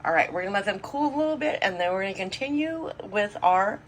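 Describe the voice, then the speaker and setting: A woman's voice: medium pitch, expressive, fast talker, slight background noise. Middle-aged woman, home cooking vlog host, enthusiastic casual chatter. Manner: chatty, enthusiastic, talks with mouth full. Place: home kitchen.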